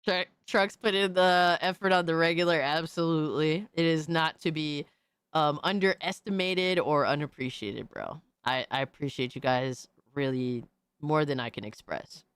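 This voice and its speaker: A woman livestreamer in casual, profane chat, excitably reacting to videos and thanking viewers by name. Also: low-pitched, moderate pace, clean tone, no room sound.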